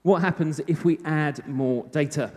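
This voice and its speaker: A man's voice: a little high, measured pace. A British man giving a live technical talk at a conference, chatty with self-mocking humor. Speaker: conference speaker. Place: conference hall. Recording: reverberant hall.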